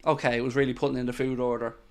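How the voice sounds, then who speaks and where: A man's voice: mid-range voice, level tone, racing. A man hosting a live football watchalong, chatting casually, thanking viewers and giving tactical opinions. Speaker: football channel host.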